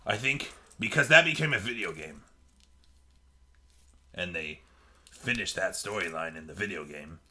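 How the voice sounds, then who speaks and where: Man playing a pirate captain, gravelly bright voice, lively pitch, keeps saying aye. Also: normal speed, pauses often, heavily acted. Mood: chatty. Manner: peppers talk with pirate "aye" and "yar". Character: male pirate captain, jovial and bloodthirsty. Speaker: podcast co-host. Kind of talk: costumed casual chat.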